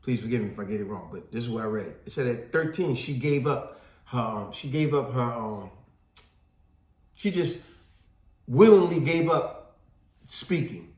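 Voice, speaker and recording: A man's voice: medium pitch, moderate pace, pauses often. A man in casual talk-show discussion, telling stories with animation and acting out the voices of people he quotes. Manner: animated storytelling, acts out quotes. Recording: echoey room.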